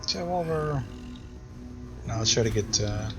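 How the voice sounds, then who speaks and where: A man's voice: medium pitch, animated, moderate pace, over music. An American man thinking aloud and rambling through casual let's-play commentary, with self-deprecating asides. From United States. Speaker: gaming YouTuber.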